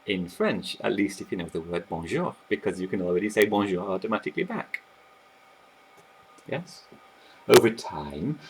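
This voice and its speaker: A man teaching about language learning, explaining in a lively, animated way while sketching on a board. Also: fairly low pitch, a little hiss or hum, low-quality recording. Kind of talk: explanatory video talk.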